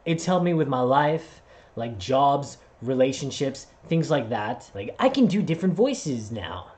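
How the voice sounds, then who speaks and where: Lively storytelling man, expressive pitch. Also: a little slow. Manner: animated, acts out voices while telling a story. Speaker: vlogger and voice actor. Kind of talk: casual personal storytelling to camera.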